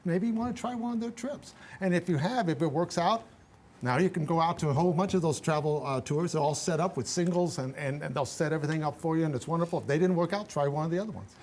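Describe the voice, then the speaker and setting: Animated older man giving travel tips. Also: a little high, fast. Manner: animated, emphatic, restarts often. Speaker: guest travel expert. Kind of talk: radio interview talk.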